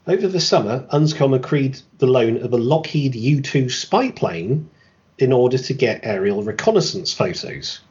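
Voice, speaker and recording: A man's voice: mid-range voice, very animated, normal speed, a little mellow, lo-fi sound. A man hosting a podcast, reading a scripted history narration and breaking off for dry, sarcastic asides. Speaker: podcast host.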